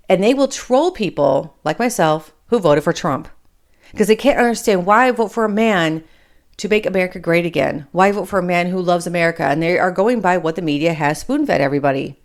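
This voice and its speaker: A podcast host in her forties or fifties from Michigan, her lowish voice carrying a trace of Appalachian accent, runs a blunt, opinionated solo commentary show. She swears casually and tends to drift off topic.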